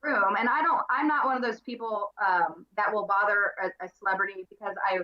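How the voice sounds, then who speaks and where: A woman guest chatting on a livestream, telling stories in a bubbly, animated way. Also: mid-range voice, brisk, dull audio. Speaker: guest collector. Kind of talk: casual chat.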